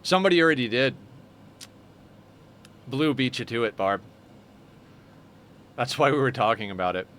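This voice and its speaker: A man's voice: medium pitch, expressive, normal speed, pauses often, fairly bright tone, slight background noise. Chatty man streaming a game live. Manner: chatty, answers viewer chat while playing. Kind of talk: casual live-stream chat.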